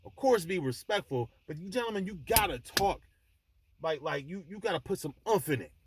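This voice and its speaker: Over a noisy background, a man with a high-sitting voice and lively intonation speaks a little fast. He hosts his own vlog from an airport, giving an impassioned, blunt, emphatic and preachy monologue to the camera with frequent restarts.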